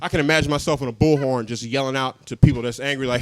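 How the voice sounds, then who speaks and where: A young man doing a stand-up comedy set, chatty and self-mocking, laughing at his own jokes and dropping into quiet asides. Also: medium pitch, fairly even intonation, quick pace, no room sound.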